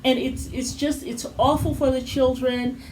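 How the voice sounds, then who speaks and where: A woman co-hosting a casual review chat, talkative and opinionated, quick to act out scenes she describes. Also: high-pitched, fairly even intonation, a little mellow, slight background noise, low-quality recording. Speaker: co-host of a TV review channel.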